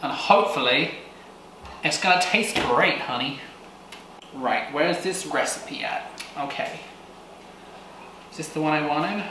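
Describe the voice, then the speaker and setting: Give me a man playing a hammy American guy with a put-on drawl, a bit high, faint noise behind. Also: expressive, measured pace, pauses often. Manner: exaggerated folksy drawl with slang. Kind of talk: comic vlog intro. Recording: very echoey room, faint noise.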